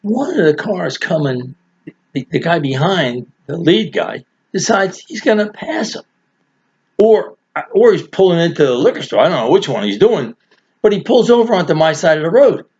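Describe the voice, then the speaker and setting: A man's voice: a little high, very animated, normal speed, a little mellow, husky. An older man telling a rambling, chuckling anecdote in a casual, folksy way. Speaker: storyteller. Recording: dull lo-fi recording.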